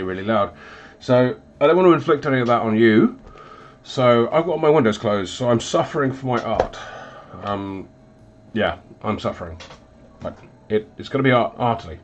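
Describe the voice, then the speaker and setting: A man's voice: on the low side, slight background noise. A man hosting a casual painting livestream, stuffed up and recovering from illness, rambling with lots of ums and self-deprecating asides. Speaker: hobby livestream host. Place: hot home hobby room, windows closed.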